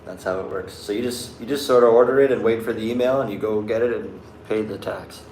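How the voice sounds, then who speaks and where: A young man talks loosely to his viewers, his voice sitting a little low. He drifts and restarts, stringing thoughts together with "like." The room is echoey, with a faint hiss behind him. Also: a little fast, a little mellow. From Canada. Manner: rambling, loose, many likes and restarts. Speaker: vlogger answering live chat. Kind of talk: casual chat.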